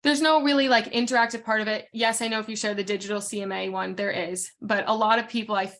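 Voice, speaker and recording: A frank woman coaches real estate agents in a casual group session. She talks in quick bursts with fillers and restarts, at a middling pitch for a woman. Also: steady tone, fairly bright tone.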